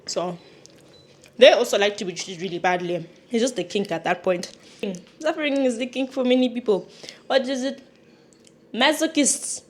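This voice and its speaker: A woman's voice: a little high, normal speed, pauses often. A young woman vlogger chatting frankly while she cooks and eats, swearing now and then, with sniffles and sudden emphatic bursts. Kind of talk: casual chat while cooking and eating. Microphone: clip-on mic.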